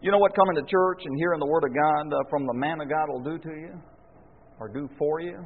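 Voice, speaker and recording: Folksy male preacher, husky, rhetorical questions; echoey hall recording. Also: fairly high pitch, fast. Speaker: pastor. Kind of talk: sermon. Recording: echoey hall, phone-like lo-fi sound.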